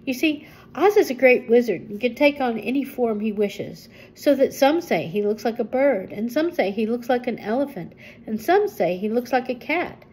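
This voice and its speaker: An older woman voicing a kindly village man who explains things gently, in a storybook reading. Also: on the high side, animated, moderate pace, hardly any pauses, slightly rough, low-quality recording. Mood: explaining. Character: kindly village man, hurt leg, knowing.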